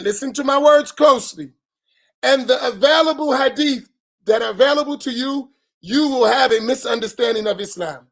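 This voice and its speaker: A middle-aged imam, giving an emphatic post-dawn-prayer talk full of rhetorical questions and bursts of raised voice. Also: male voice, very high-pitched, moderate pace, gravelly. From United States.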